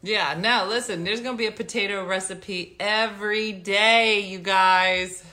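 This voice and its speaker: A middle-aged woman hosts a livestream from home, chatting casually and telling stories with mock outrage and frequent laughter. Her medium-pitched voice has a sharp tone, fairly even intonation and a measured pace.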